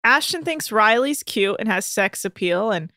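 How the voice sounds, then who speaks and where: A woman's voice: on the high side, animated, moderate pace, pushed and bright. A woman co-hosting a podcast, recapping a reality show in a dry, matter-of-fact casual chat.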